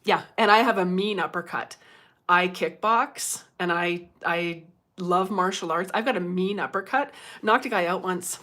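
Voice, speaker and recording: A woman's voice: lowish voice, a little slow, bright, forceful tone. A middle-aged woman chatting casually on a livestream, laughing often and reading out viewer comments. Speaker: livestream host.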